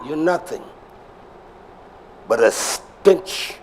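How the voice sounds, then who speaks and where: A male preacher delivering an emphatic sermon, swinging between shouts and low murmurs and repeating phrases for emphasis. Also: expressive, slow pace, vocal fry.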